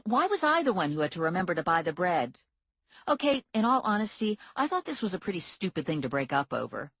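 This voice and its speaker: A woman reading a first-person novel aloud in a wry, expressive way. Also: deep voice, breathy edge, dry recording, muffled recording. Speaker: audiobook narrator. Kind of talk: scripted first-person narration.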